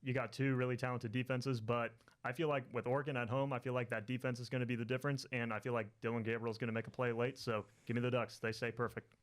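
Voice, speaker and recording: A man co-hosting a sports podcast, explaining his picks in a measured, reasoned way. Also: medium pitch, flat delivery. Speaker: podcast co-host. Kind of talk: casual sports chat.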